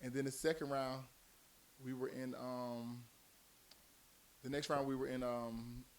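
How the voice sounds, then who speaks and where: A man's voice: mid-range voice, level tone, a little slow, slight background noise. A man, a former football player, telling long rambling stories in casual chat, laughing often between his points. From Miami, United States. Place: recording studio.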